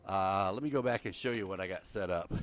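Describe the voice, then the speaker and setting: A man's voice: deep voice, quick pace, dry recording. Out-of-breath older man streaming a game. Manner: rambling, thinks aloud, chatty with viewers. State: out of breath, walking on a treadmill. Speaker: Minecraft livestream host. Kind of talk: casual gameplay livestream chat.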